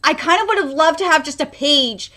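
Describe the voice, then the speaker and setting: A woman streaming a live manga reaction, rambling with many fillers and restarts, and getting loud and emotional when moved. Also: sits high, fairly quick.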